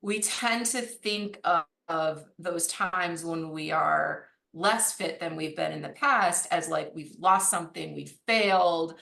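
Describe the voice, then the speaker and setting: A woman running coach talking in a casual interview, animated, laughing often and using lots of fillers. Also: on the low side, slow, vocal fry, hardly any pauses. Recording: echoey room.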